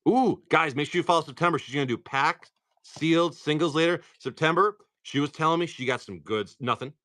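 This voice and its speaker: A man's voice: fairly high pitch, a little fast, fairly bright tone, no room sound, clean studio sound. A man chatting casually on a livestream, swearing freely and reading off card names as he opens packs. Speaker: livestream card-pack opener.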